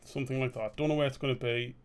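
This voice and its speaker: A man's voice: mid-range voice, steady tone, racing, smooth. A man streaming a drawing session, rambling and muttering to himself, swearing freely as he works. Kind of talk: casual live-stream commentary while drawing.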